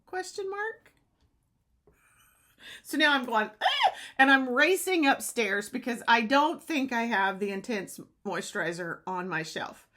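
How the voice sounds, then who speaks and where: A woman vlogger telling a lively personal story in a casual way, acting out the other people's lines as she goes. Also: fairly high pitch, moderate pace, few pauses. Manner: excitable, acts out quoted dialogue. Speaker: beauty consultant vlogger.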